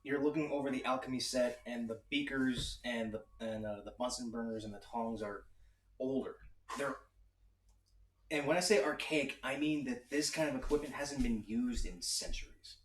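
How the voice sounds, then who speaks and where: A man narrates as game master, describing dusty old rooms and items with plenty of "uh"s. He sits a little away from the microphone, and the room adds a clear echo over a faint hiss. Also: mid-range voice, moderate pace. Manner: describes scenes with frequent fillers. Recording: echoey room from a distance.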